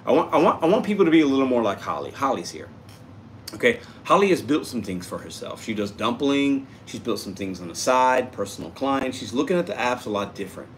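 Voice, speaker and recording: A man's voice: medium pitch, lively intonation, fairly quick, a little hiss or hum. A man hosting a casual livestream, reading out and answering viewer comments in an upbeat, chatty way. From Puerto Rico. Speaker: livestream host reading chat.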